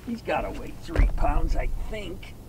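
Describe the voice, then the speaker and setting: A man narrating his fishing trip from a boat in a relaxed, easygoing way, sometimes talking to the fish he catches. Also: fairly high pitch. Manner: slow, easygoing, talks to the fish. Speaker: fishing vlogger. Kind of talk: casual on-the-water narration. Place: on a boat on a river. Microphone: action camera. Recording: boat and water noise.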